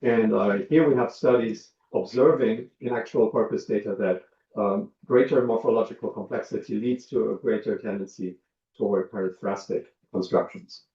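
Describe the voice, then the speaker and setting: A man gives an academic lecture in a low, mellow voice, measured and full of ums and uhs as he walks through examples. He sounds set back from the mic in a roomy space, and the recording is dull and lo-fi. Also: recorded from a distance. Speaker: linguistics lecturer.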